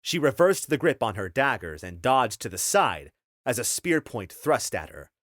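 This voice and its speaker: A man's voice: medium pitch, sing-song, moderate pace, fairly bright tone, no room sound. A man narrating an audiobook in a scripted style, telling the story steadily on a close studio mic.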